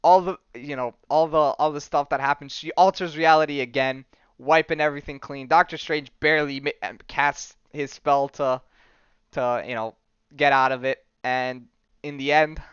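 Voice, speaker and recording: A man hosts a podcast and retells a comic storyline in an animated way, quoting the characters as he goes. His voice is smooth and a little high. The recording sounds dull and lo-fi, and the room is dry. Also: normal speed, no echo. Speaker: podcast host. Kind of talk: casual comic recap.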